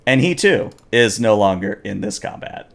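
A man running a tabletop game as game master, narrating the action with animated storytelling and frequent fillers. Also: fairly low pitch, normal speed, creaky.

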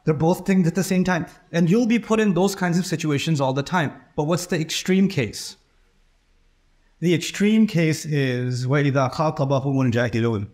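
High-voiced man preaching a sermon. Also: fast, darkish tone. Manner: conversational, acts out quoted dialogue. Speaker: preacher giving a Friday sermon. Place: mosque.

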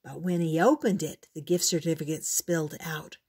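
An older woman gently reading a children's storybook aloud in a measured, unhurried way. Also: low voice, slightly rough.

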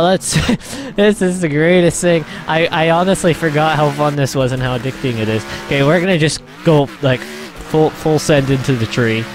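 A man's voice: medium pitch, a little hiss or hum. A man hosting a gaming channel, giving rambling let's-play commentary with lots of laughter and exclamations. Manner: excitable, laughs and exclaims often; rambling, repeats himself.

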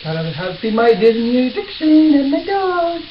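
In a sing-song, very high voice at normal speed, a young man chats through his cooking vlog from his apartment kitchen, self-mocking, cursing and yelping. Heavy background noise sits under the roomy, dull lo-fi sound of the camera's built-in mic.

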